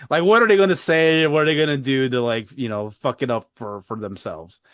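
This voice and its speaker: A man's voice: medium pitch, moderate pace, dry recording, clean studio sound. A man co-hosting a podcast in casual chat, rambling with frequent laughs and casual swearing. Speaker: podcast co-host.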